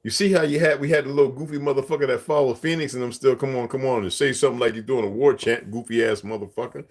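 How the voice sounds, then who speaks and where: A man's voice: mid-range voice, steady tone, quick pace. A man hosting a casual livestream, rambling and profane, laughing often as he talks. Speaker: livestream host.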